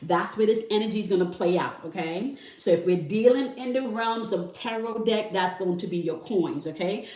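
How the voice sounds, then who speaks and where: A woman's voice: medium pitch, normal speed, hardly any pauses, darkish tone. A woman hosting a spiritual tarot channel, teaching in a monologue and checking in with "okay?" after almost every phrase. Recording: echoey room, somewhat far from mic.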